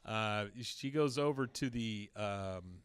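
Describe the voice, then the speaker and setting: A man co-hosting a podcast, casually retelling a cartoon episode and acting out its lines in quick bursts. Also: fairly low pitch, clear, resonant tone. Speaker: podcast co-host recapping an episode. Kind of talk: casual chat, retelling scenes.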